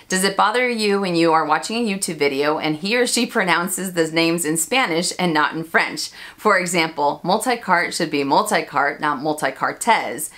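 Speaking in a low, fairly bright voice, this luxury handbag YouTuber from the United States chats her way through a casual Q&A vlog. She's talkative, laughs frequently, and makes fun of herself.

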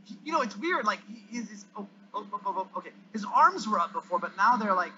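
A high-pitched male gamer with a bright, sharp voice commenting on his play. He is excitable, yelping and groaning as things go wrong. The recording is dull and lo-fi with a faint hiss underneath. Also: fast talker, few pauses. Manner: excitable, yelps and groans at the game.

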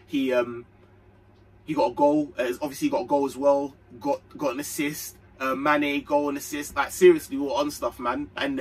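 A young man giving a casual, slangy, excitable football match reaction. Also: on the high side, husky, recorded from a distance, rough recording. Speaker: fan channel host.

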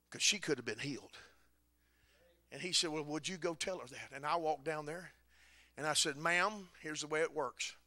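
A man, preaching a sermon as a folksy story with dry humor, rising at times to shouting. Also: a little high, moderate pace, long pauses, no room sound.

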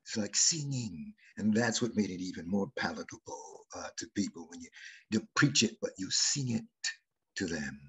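An older man, an actor, telling stories from his career in an unhurried, reflective way as an interview guest. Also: sits low, animated, breathy edge. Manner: unhurried storyteller, drifting between loud and hushed. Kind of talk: reflective anecdotal conversation.

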